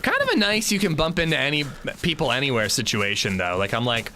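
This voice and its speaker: A man's voice: mid-range voice, sing-song, quick pace, bright, forceful tone, slight background noise. A man with a sore throat, giving rambling, casual commentary on his gameplay with lots of fillers. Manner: rambling, loose, full of fillers. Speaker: gaming livestreamer.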